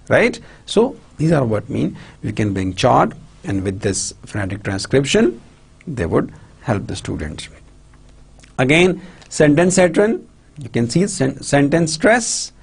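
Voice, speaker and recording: Husky-voiced Pakistani English lecturer, lively pitch. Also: male voice. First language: Urdu. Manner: repetitive, halting, frequent checks for understanding. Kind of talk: university lecture on pronunciation.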